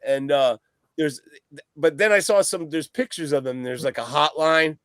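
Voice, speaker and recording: Chatty guy going on about a record, swears a lot, laughs, kinda high voice, dead dry sound. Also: lively intonation, normal speed, a bit bright, smooth, no echo. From East Coast of the US. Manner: rambling, profane, laughs a lot. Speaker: podcast guest. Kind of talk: casual chat about records.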